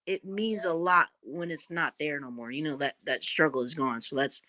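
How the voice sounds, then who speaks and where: A woman's voice: low voice, moderate pace, no room sound. A woman with a Southern Kentucky accent telling stories in a casual interview, dramatic and folksy. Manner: animated, dramatic storyteller with folksy phrasing. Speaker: guest, former reality show contestant.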